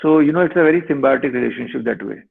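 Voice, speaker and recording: A male lawyer in his thirties, giving measured advice in a webinar over a video call. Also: fairly high pitch, vocal fry, slightly rough. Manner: measured, advisory. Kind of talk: webinar answer. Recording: tinny online call audio.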